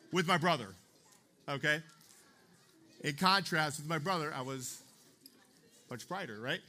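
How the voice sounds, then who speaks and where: A man's voice: on the high side, pushed and bright. A young man preaching a youth sermon in a chatty way, checking in with "okay?" and "right?" as he talks. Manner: chatty, keeps asking the room "okay?" and "right?". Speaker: youth pastor.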